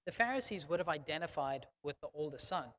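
In a church sanctuary with long reverb, a man with a somewhat high, bright, pushed voice preaches quickly and with lively intonation. His sermon is emphatic and conversational, and he keeps checking in with the congregation with frequent "okay?"s.

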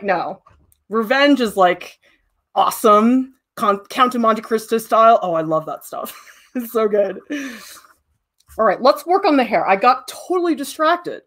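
A middle-aged woman teaching a live drawing demo, chatty and self-deprecating, often laughing at herself. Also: mid-range voice. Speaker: art teacher.

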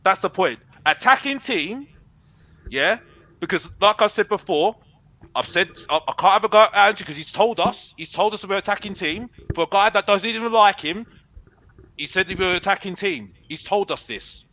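Here the same brash fan, a man arguing on a football fan show, talks at a moderate pace in a high, expressive voice with a sharp edge. He boasts, repeats himself, and calls himself Mister Box Office, all on a rough recording.

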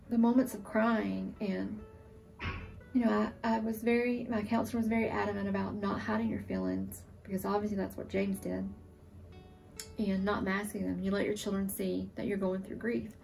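Woman in her forties, very gravelly voice, a little off mic, soft music behind, emotional testimonial. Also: mid-range voice, distant mic. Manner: emotional, earnest, halting. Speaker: surviving military spouse. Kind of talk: testimonial interview.

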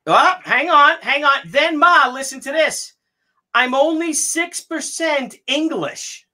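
A man hosting a casual family chat, excited and teasing, who keeps stalling with "hang on". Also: extremely high pitch, slow pace. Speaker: host.

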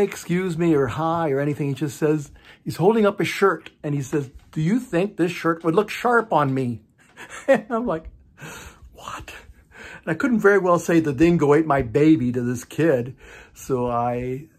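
An older man telling a personal anecdote in a wry, deadpan way, full of asides. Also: medium pitch, slightly rough. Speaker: vlogger.

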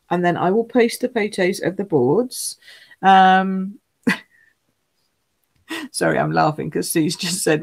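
A woman hosting a live craft stream, chatting casually, rambling and answering viewer comments as she shows cards. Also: lowish voice. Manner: chatty, rambling, loses her train of thought.

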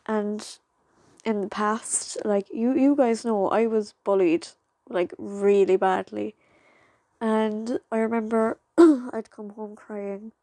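Young woman, casual vlogger, rambling, teary, dry sound, middle pitch. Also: fairly even intonation, dark tone, dry recording. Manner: rambling, halting, with many fillers and restarts. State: fighting back tears. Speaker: channel creator. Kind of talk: casual vlog talk to viewers.

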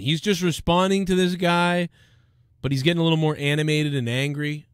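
A man with a fairly high voice hosts a live stream, cursing and heated. The sound is close and dry, with almost no room behind it. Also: fairly even intonation, fairly quick, clean tone, no echo. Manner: swearing, heated, mocking. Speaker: live show host. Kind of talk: profane live-stream rant.

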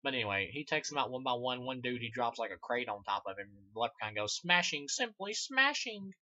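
A man tears into a movie in a loose, rambling review, cursing constantly and chuckling between points. His voice is bright and forceful, close and dry, and the recording is dull and lo-fi. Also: mid-range voice, steady tone, quick pace, no room sound. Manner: rambling, profane, laughs often. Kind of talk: casual spoken film review.

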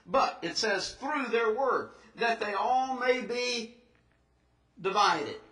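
A man preaching a sermon in a church, earnest and emphatic, slowing down to stress scripture and rising into questions. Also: very high voice, lively intonation, pushed and bright, far from the mic. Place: church sanctuary. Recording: echoey church recorded from afar.

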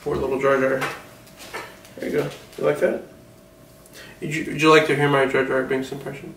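A man's voice: medium pitch, level tone, moderate pace, a bit bright, roomy sound, recorded from a distance, a little hiss or hum, natural voice, poor audio. A man playing a rambling, self-important older film mogul in a satirical mock interview, distracted and defensive.

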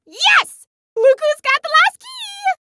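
A woman's voice: high voice, sing-song, slow, sharp tone, no echo, studio quality, exaggerated voice. A woman voicing a hyper, gleeful young huntress in a video game who loves smashing things, bubbly and bouncy. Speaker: game character.

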